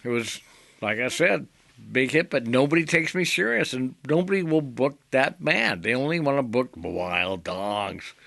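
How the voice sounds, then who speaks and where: A man's voice: mid-range voice, animated, measured pace, gravelly, a bit bright, no room sound. A man, a singer being interviewed, telling long rambling anecdotes in casual chat and acting out the dialogue he quotes. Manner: anecdotal, acts out quoted dialogue, laughs between stories.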